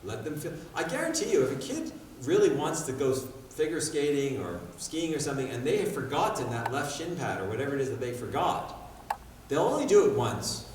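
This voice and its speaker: A man giving a public talk in a school hall, telling stories in an animated way, with sound effects. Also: mid-range voice, a little fast, few pauses, slight background noise. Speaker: guest speaker. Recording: echoey hall, far mic, faint ambience.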